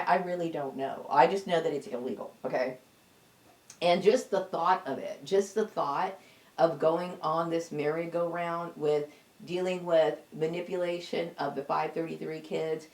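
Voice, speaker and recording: A woman's voice: low voice, vocal fry, darkish tone. A middle-aged woman in a personal monologue to camera, blunt and defiant, stressing each point with "okay?". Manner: emphatic, repeats "okay?" for stress. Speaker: vlogger.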